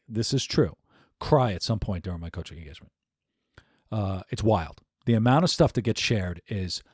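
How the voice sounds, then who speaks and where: A man's voice: mid-range voice, a little mellow, dry recording, clean studio sound. A man hosting his own podcast as an executive coach, talking in a blunt, emphatic, conversational way. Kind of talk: solo podcast monologue.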